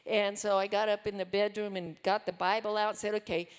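A woman's voice: medium pitch, little pitch movement, fairly quick, clear, resonant tone, in a large hall. An older woman giving a testimony and praying fervently, speaking from a church stage. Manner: fervent, declaring prayer. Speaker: pastor's wife. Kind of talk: testimony and prayer.

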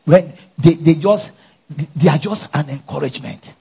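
High husky preacher man. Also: normal speed, dull audio. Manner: animated, call-and-response with congregation. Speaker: pastor. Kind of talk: sermon. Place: church conference.

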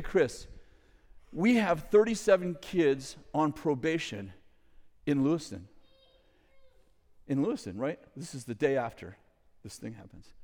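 A middle-aged man telling a story to an audience in a lively way, with loud bursts, acted quotes and chuckling asides. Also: a little high. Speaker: ministry leader telling a story. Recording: long hall reverb.

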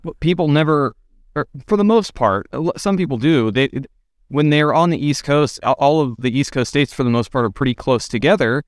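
A man's voice: fairly high pitch, expressive, a little fast, dry recording, clean studio sound. Explaining man from Northern California. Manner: explaining, anecdotal. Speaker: podcast co-host. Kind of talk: casual podcast chat, storytelling.

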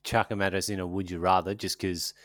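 A man's voice: deep voice, level tone, a little fast, fairly bright tone, no room sound, studio quality. A man chatting casually as a podcast co-host, rambling and joking, often trailing off mid-sentence. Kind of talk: casual chat.

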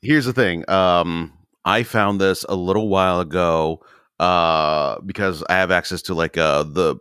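A man in casual podcast chat, telling stories with animated asides and quoted reactions. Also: measured pace, clear, resonant tone, dry recording, clean studio sound. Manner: animated storyteller, jumps high when quoting himself. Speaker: podcast co-host.

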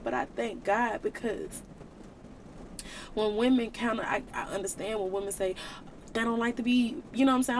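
A woman with a voice on the high side hosts a faith podcast at normal speed, preaching earnestly and emotionally while using casual slang. She turns tearful at points, and the recording has a slight hiss or hum.

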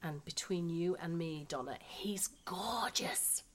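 With a medium-pitched, lively voice at a moderate pace, a Yorkshire-accented actress in her thirties gives a lightly acted turn as a gossipy, blunt expat housewife and mother in a radio drama. The tone is chatty and down-to-earth, with slight background noise.

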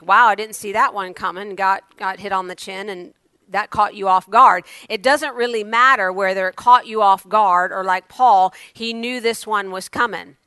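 A woman preaching a sermon, moving from loud exclamations to hushed asides. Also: mid-range voice, smooth, no echo.

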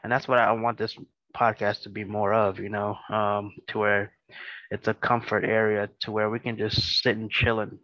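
A man's voice: fairly low pitch, level tone, normal speed, dry recording, dull audio. Laid-back man hosting a podcast. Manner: laid-back, stuttery, lots of fillers. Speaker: podcast host. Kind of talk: casual chat. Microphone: video call.

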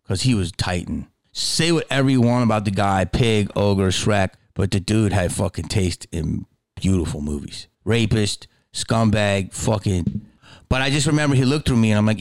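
A middle-aged man hosting a podcast, delivering a heated solo rant full of swearing, swinging from loud outbursts to low muttering. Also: lively intonation, fairly quick. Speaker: podcast host.

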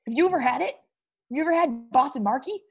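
A woman's voice: sits high, animated, fast talker. A woman playing a brash, slangy teenage boy who breakdances and pranks, in an improv comedy interview. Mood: boastful. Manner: slangy, boastful, calls people bro.

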